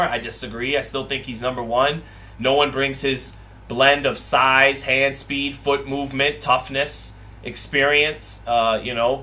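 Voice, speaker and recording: A man's voice: mid-range voice, sharp tone. Chatty man doing live boxing commentary. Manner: chatty, reads viewer comments aloud.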